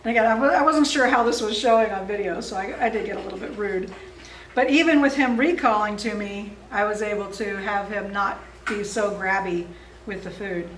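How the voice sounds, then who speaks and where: A woman's voice: medium pitch, fairly quick, fairly bright tone, slight background noise. A woman dog training instructor explaining exercises in a friendly, easygoing way, chuckling often. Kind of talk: instructional seminar talk. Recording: roomy, distant mic.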